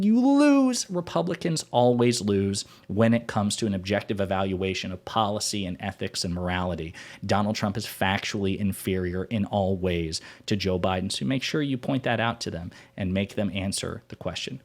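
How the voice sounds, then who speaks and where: A man's voice: lowish voice, animated, normal speed, a little mellow. A man hosting a political commentary show, arguing his points emphatically and repeating them for stress.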